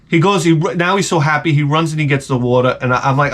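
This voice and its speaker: A man's voice: on the high side, fairly quick, few pauses, fairly bright tone. A middle-aged man vlogging, telling a casual, rambling, self-mocking story and swearing freely.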